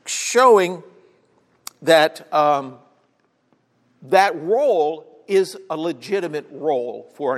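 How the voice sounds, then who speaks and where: A man preaching a sermon, telling the story conversationally and often checking in with "all right?". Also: a little high. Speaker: pastor. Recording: long hall reverb.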